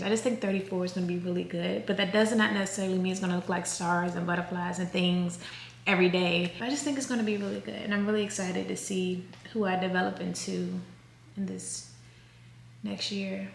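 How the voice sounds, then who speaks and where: A woman in her thirties talks casually to her viewers, rambling and restarting her sentences. Her voice has a gravelly fry to it. The room around her sounds echoey. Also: medium pitch, slight background noise. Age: 30s. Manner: rambling, chatty, self-correcting. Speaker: vlogger. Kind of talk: casual chat to camera.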